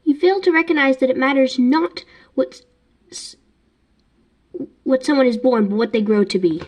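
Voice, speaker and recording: A woman's voice: high voice, darkish tone. A woman reading out the lines of a wise old male headmaster wizard in her own voice. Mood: solemn. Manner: reading quotes aloud, measured.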